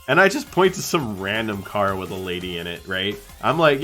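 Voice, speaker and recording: A young man streaming live, chatting casually and acting out the people in his stories in a higher voice. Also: brisk, soft background music. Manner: animated storyteller, acts out quotes in a higher voice.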